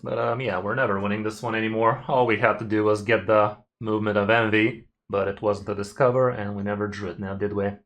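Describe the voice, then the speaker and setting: A man's voice: on the low side, flat delivery, fairly quick, few pauses, a bit bright. A man streaming a card game, giving casual commentary and chatting loosely with his viewers, with some mild swearing.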